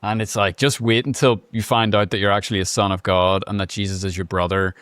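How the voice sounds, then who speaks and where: Smooth-voiced male podcast host. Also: fairly low pitch, little pitch movement, quick pace, fairly bright tone, dry recording. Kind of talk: casual podcast conversation.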